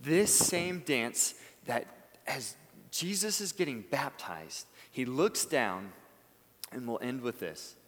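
A man preaching a sermon as pastor, earnest, rising to emphatic peaks and then dropping to soft, quiet phrases. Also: mid-range voice, animated, takes it slowly. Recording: long hall reverb.

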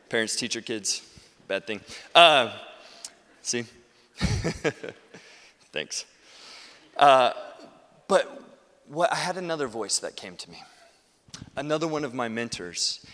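Bright-voiced pastor preaching in a hall. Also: male voice, medium pitch. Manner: earnest, builds to forceful emphasis. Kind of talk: sermon. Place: church sanctuary. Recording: long reverb from a large hall.

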